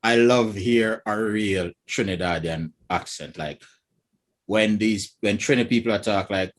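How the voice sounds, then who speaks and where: A man's voice: fairly low pitch, a little slow. A Jamaican man co-hosting a casual panel chat, talking with emphatic conviction. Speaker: co-host.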